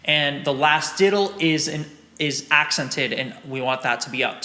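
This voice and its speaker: A man's voice: fairly high pitch, a little slow, over music. A young man teaching a snare drum exercise, encouraging and counting and vocalizing the rhythms aloud. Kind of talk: drum lesson walkthrough. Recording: roomy, with drums and metronome playing.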